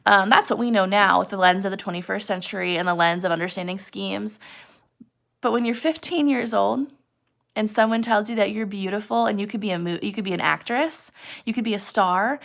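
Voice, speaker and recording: A woman's voice: medium pitch, normal speed, gravelly. A woman teacher retelling a novel chapter to her class, acting out the characters' quoted lines. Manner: retells scenes with animated quoted voices.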